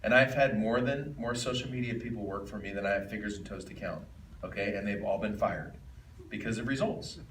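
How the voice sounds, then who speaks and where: Bright-voiced man hosting an event, echoey room. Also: on the low side, brisk, a little hiss or hum. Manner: joking, emphatic storytelling. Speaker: event host introducing a speaker. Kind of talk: live talk to an audience. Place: event room with a live audience. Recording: echoey room, far from the mic, faint ambience.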